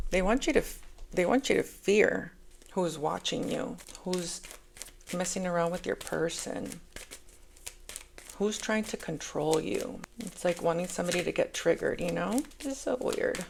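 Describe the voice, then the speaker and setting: A woman's voice: lowish voice, measured pace, vocal fry, a little hiss or hum. A woman giving a casual tarot reading, talking chattily and calling her viewers angels. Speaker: tarot reader.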